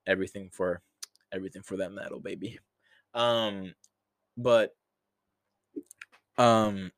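A young man talks in an unhurried, loose ramble, his voice sitting a bit low. He fills gaps with ums and likes and chuckles at his own stories. The sound is close and dry, with no room around it. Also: a bit bright, no echo. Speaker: podcast host. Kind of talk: casual solo chat.

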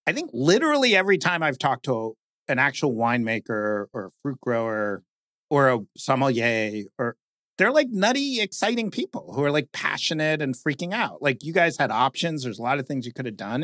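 A man in lively conversation, often saying "like" and mimicking stiff announcer voices. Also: medium pitch, moderate pace, dry recording, clean studio sound. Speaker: guest speaker, podcast creator. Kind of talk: animated conversational talk.

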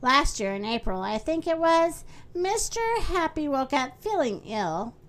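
A woman hosting a children's story podcast, reading aloud in a friendly, animated way. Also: high-pitched, measured pace.

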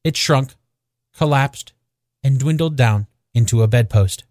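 A man narrating a classic novel as an audiobook, with expressive, measured storytelling. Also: medium pitch, a little hiss or hum.

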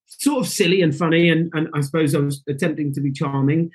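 A man with a slightly raised, husky voice recounts his early acting career in relaxed conversation. He tells it with animation, jumping into excited reenactments of what people said to him. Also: on the high side, quick pace, poor audio. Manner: animated, acts out quoted reactions. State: getting emotional. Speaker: guest. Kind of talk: casual storytelling interview.

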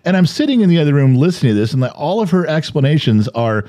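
A man's voice: on the high side, very animated, fast, warm tone, no room sound. A middle-aged man co-hosting a casual podcast, teasing his wife and acting out little quotes. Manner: joking, teasing, acts out quotes. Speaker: podcast co-host, husband. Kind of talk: casual chat.

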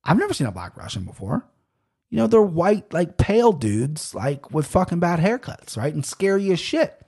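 A man's voice: fairly high pitch, big pitch swings, normal speed, darkish tone, slightly rough. A man hosting a podcast, rambling in casual solo talk with many fillers and restarts. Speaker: podcast host.

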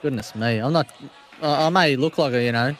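A man's voice: mid-range voice, fairly quick, a bit bright. An Australian man co-hosting a radio show, joking and defending himself in casual banter. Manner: defensive, playful. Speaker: radio co-host.

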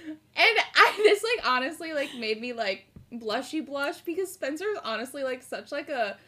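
A young woman with a high, bright voice recaps an old sitcom episode for a chatty podcast. Her pitch swoops widely as she acts out the characters, dropping casual swears along the way. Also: moderate pace. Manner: animated storytelling, acts out characters, swears freely. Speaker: podcast co-host. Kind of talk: casual rewatch podcast chat.

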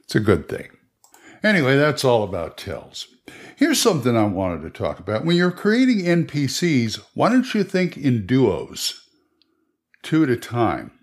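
A man's voice: medium pitch, huge pitch swings, a little slow. A man hosting a podcast, giving casual advice on running tabletop games in a rambling way with many restarts. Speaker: game master podcaster.

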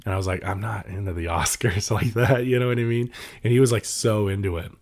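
Young man, low-ish voice, lively storyteller, casual podcast chat. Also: a little fast. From California. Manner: animated storytelling, laughs often, voices others.

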